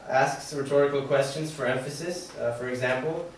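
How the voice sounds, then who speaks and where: A man's voice: medium pitch, normal speed. A young man giving a class presentation, hesitant and full of fillers. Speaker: student presenter. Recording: echoey room from far off, faint noise.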